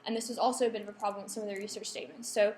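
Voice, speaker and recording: A woman's voice: mid-range voice, little pitch movement, rapid-fire, a little mellow. Woman lecturing in an echoey room. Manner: checks in with the audience, polls the room. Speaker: workshop presenter. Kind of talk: lecture to students. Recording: echoey room, faint background hum.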